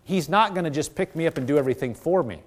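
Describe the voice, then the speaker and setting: A man's voice: fairly high pitch, expressive, quick pace. A man preaching a sermon, earnest and exhorting, often repeating phrases and restarting his sentences.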